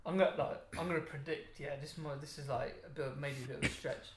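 A young man chatting casually, slangy and quick to laugh, often trailing off mid-sentence. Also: fairly high pitch, steady tone, noisy background. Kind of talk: casual chat. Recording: echoey room with faint ambience.

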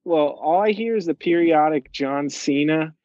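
A man's voice: fairly high pitch, moderate pace, darkish tone, no room sound, dull audio. A young man telling a long, rambling story in casual chat, swearing and using lots of fillers.

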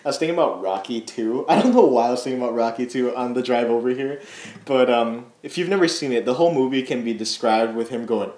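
Young male podcast co-host, excitable and quick to laugh, average pitch, roomy echo. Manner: excitable, laughs a lot, restarts words. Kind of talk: casual chat.

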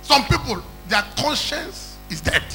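A man's voice: very high-pitched, big pitch swings, unhurried, vocal fry, bright, forceful tone, soft background music, low-quality recording. A man preaching an emphatic call-and-response sermon who repeats phrases and calls for hallelujah.

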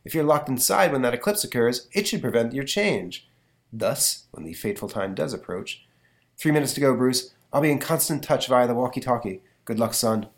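A man's voice: medium pitch, expressive, moderate pace, natural voice. A man reading the lines of a kindly older male professor from a comic book, in an encouraging, fatherly way. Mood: instructive. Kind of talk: dramatic comic book read-aloud.

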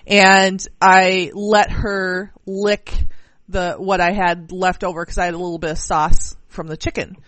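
A woman's voice: fairly low pitch, little pitch movement, a bit bright, no room sound. Dry-sounding woman chatting casually. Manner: rambling, halting with fillers and restarts. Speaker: podcast co-host. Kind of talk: casual chat.

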